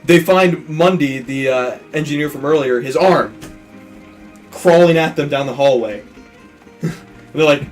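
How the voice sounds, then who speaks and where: Over gameplay in a let's play, a man with a somewhat high voice casually recaps a movie plot, acting out quotes, swearing, and laughing as he animatedly tells the story. He speaks a bit slowly with frequent pauses, and soft music plays in the background.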